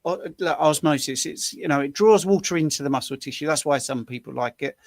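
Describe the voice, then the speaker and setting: Gravelly man in his sixties, rambling. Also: fairly high pitch, fairly quick, no room sound, clean studio sound. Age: 60s. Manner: rambling, anecdotal explainer with many restarts. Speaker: co-host answering questions. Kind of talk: casual live Q&A chat.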